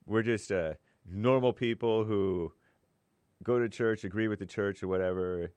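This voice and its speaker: A man with a lowish voice talking in a dry, close-miked sound. He rambles in a hesitant way, correcting himself as he goes in a relaxed, casual chat. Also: moderate pace, clear, resonant tone, no echo. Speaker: layman in a church discussion. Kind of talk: casual conversation.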